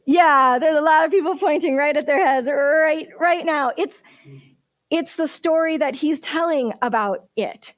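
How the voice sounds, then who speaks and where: A woman minister with a high, bright voice preaching a sermon, lively and storytelling, often turning to the congregation with questions. The sound is close and dry. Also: measured pace, dry recording.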